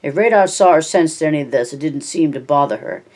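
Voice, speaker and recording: An amateur audiobook reader narrates a novel in the first person, stumbling over words and correcting them as he goes. The voice is medium-pitched and darkish, with lively intonation and a slightly fast pace.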